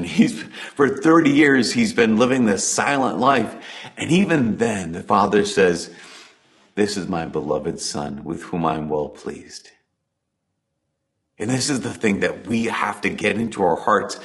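A man giving a conversational sermon, talking earnestly and dropping to soft emphasis on key points. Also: fairly low pitch. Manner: earnest, builds intensity then drops to soft emphasis. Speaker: preacher.

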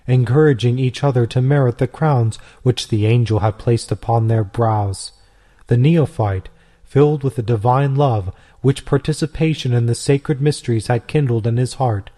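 A man narrating an old devotional story in a measured, solemn reading. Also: mid-range voice, dark tone. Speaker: audiobook reader. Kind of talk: scripted narration.

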